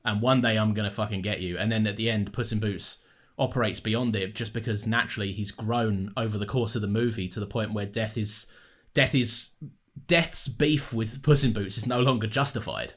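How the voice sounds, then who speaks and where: A man's voice: lowish voice, steady tone, normal speed, fairly bright tone. A man co-hosting a podcast in casual film chat, telling stories animatedly and teasing his co-host.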